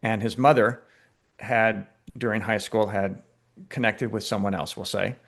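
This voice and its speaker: Animated man telling a story. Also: lowish voice, unhurried, gravelly. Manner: animated storyteller, many restarts and fillers. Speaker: filmmaker guest. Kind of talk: conversational interview storytelling.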